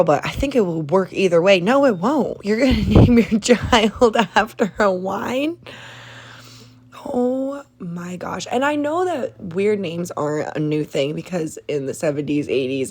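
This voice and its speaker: Incredulous young woman podcaster. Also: fairly low pitch. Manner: incredulous, animated, swears, laughs a lot. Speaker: podcast host. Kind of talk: casual solo podcast rant.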